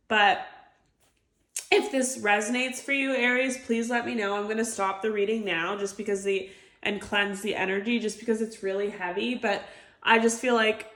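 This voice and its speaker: A woman giving an intuitive tarot reading to camera, chatty and heartfelt, full of filler words. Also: medium pitch. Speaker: tarot reader. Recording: echoey room.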